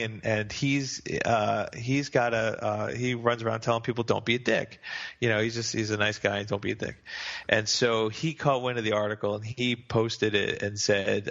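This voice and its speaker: A man from New Jersey telling a long, self-deprecating story as a podcast guest, rambling and restarting often. His voice is lowish and gravelly. The audio sounds slightly dull and lo-fi. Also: a bit bright. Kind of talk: casual storytelling interview.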